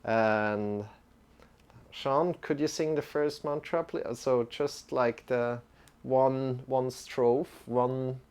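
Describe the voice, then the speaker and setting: A man leading a live-streamed yoga lesson, calm and halting, with many restarts. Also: medium pitch, clear, resonant tone. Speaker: yoga teacher.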